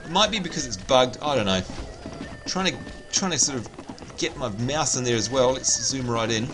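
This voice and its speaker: This game livestreamer has a mid-range voice with lively intonation and a moderate pace, heard against some background noise. He chats casually with his audience, talking to chat and getting fed up with the game's bugs.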